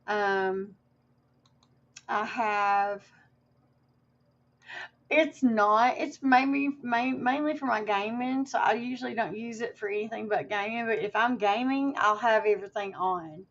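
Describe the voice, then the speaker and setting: A woman's voice: fairly high pitch, measured pace, a bit bright. Woman rambling on her livestream, lots of ums, kinda emotional, muffled lo-fi sound. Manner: rambling, emotional, many fillers and restarts. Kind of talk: casual livestream talk to viewers.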